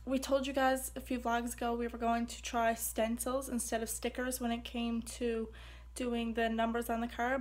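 A woman vlogging in a chatty, upbeat way, talking to her viewers about her busy day. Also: a little high. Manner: upbeat, chatty, addresses viewers as "you guys". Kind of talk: casual vlog chat.

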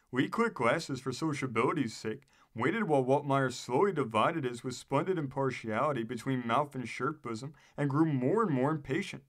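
A man narrating an old newspaper article in a steady, measured reading voice. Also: medium pitch. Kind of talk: read-aloud narration.

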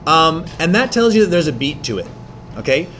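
A man teaching an English class, explaining in quick bursts with many fillers and restarts. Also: on the high side, very animated, a bit bright, slight background noise. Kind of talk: classroom lecture.

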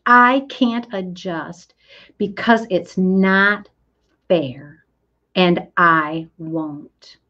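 A middle-aged woman coaching listeners in a motivational talk, earnest and emphatic, speaking to them directly. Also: mid-range voice. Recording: dull lo-fi audio.

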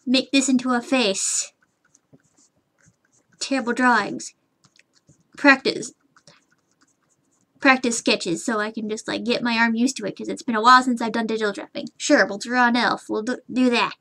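A woman's voice: on the high side, fairly even intonation, moderate pace, long pauses, bright, forceful tone. A woman streaming herself drawing, rambling to herself, humming and muttering, frustrated and swearing casually at her computer. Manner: rambling self-talk, muttering and humming while working. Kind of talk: live drawing stream chatter.

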